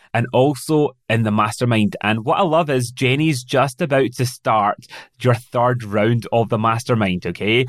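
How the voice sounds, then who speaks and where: A middle-aged man with a Scottish accent hosts a conversational podcast interview, telling stories in an upbeat, relaxed way. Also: medium pitch, no room sound, clean studio sound. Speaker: podcast host.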